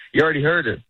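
A man's voice: medium pitch, fairly bright tone, no room sound. A man who is a stand-up comedian, chatting casually in an interview, rambling and restarting his sentences and laughing often. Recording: tinny phone-like radio audio.

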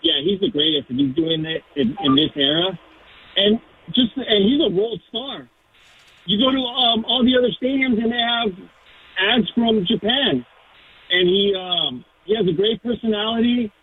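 A man calling in to a sports radio show, speaking haltingly with many fillers over a poor cell connection. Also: high-pitched, slightly rough. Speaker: radio caller. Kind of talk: phone call opinion. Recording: tinny cell phone line.

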